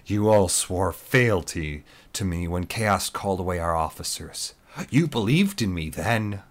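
A man reading aloud, voicing an unbalanced, manipulative male commander who speaks in forceful, declamatory speeches. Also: low-pitched, expressive, a little slow. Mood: scornful.

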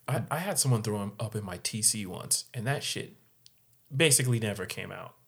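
A man co-hosting a podcast, reacting and adding a short story in relaxed casual chat. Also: lowish voice, brisk, vocal fry. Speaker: podcast co-host.

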